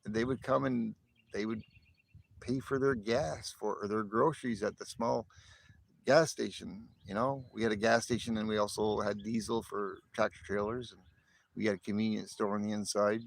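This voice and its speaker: A man's voice: fairly low pitch, steady tone, moderate pace, creaky. A middle-aged man from the northern United States, hosting a casual livestream, rambling with stammered repeats. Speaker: livestream host.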